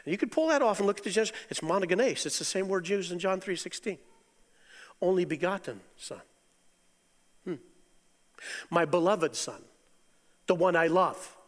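Middle-aged male preacher, high-voiced, animated, loud bursts and soft asides, long hall reverb. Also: a little fast. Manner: animated, swings from loud exclamations to quiet asides, chuckles. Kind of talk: sermon.

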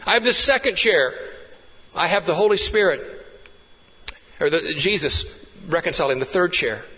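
A pastor preaching a sermon with fervent rises and hushed, intimate drops. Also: male voice, fairly high pitch, moderate pace, husky, in a large hall, rough recording.

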